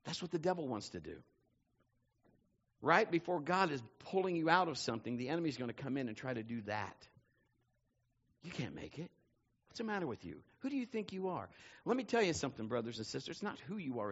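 A male pastor preaching a sermon, telling stories with lively energy and building to shouts. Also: medium pitch, normal speed, pauses often, slightly rough, lo-fi sound. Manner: animated storytelling, building to shouts.

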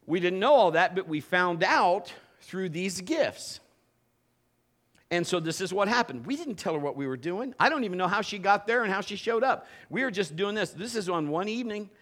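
A male pastor preaching a sermon with an animated delivery that swings from loud bursts to low, intimate tones. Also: normal speed.

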